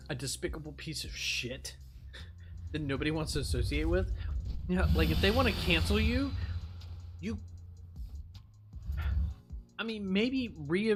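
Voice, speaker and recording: A man streaming and ranting casually, swearing and laughing often as he talks. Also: fairly high pitch. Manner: profane, animated, laughing often. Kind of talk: casual rant while gaming.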